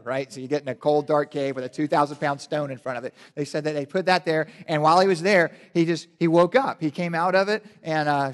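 Man preaching casually in an echoing hall. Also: fairly high pitch. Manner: casual, animated preaching with joking asides and frequent restarts. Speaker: pastor. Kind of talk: sermon. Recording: long hall reverb.

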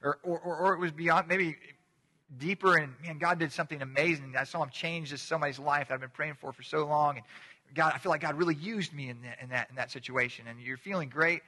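A man's voice: fairly high pitch, fast, sharp tone. A man preaching a sermon as a pastor, in a conversational manner, often restarting and repeating words. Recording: long hall reverb.

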